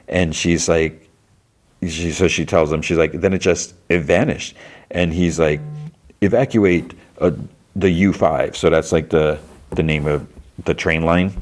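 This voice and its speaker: A low-pitched man talks through an episode as a podcast host, in a loose, rambling recap. He leans on filler words and restarts, and his voice lifts a little when he quotes characters. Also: darkish tone. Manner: quotes characters in a lightly raised voice.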